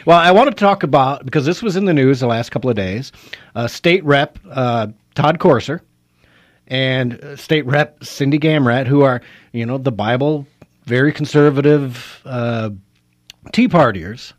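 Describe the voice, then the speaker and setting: A man hosting a talk radio show, giving commentary in an animated way, laughing often and using fillers. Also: medium pitch, a little slow.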